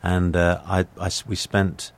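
A man's voice: low voice, monotone, a little slow, gravelly. A man with an English accent telling anecdotes in a casual conversation, often restarting and repeating words. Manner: chatty storyteller with frequent restarts and stammered repeats. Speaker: actor, guest.

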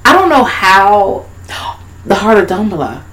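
A woman co-hosting a podcast, retelling a movie in casual chat with a profane, laughing, animated style. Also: medium pitch, a little slow, poor audio. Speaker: podcast co-host.

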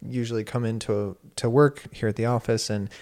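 A young man who teaches at a university, telling a personal story in casual conversation, animated and full of fillers. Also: mid-range voice, brisk. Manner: animated, many fillers, laughs while telling. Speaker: university instructor and guest.

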